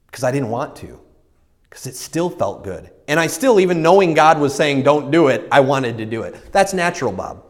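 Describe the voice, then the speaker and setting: A pastor with a medium-pitched voice preaches a sermon full of energetic stories, acting out the voices inside his own head. The sound is that of a big room.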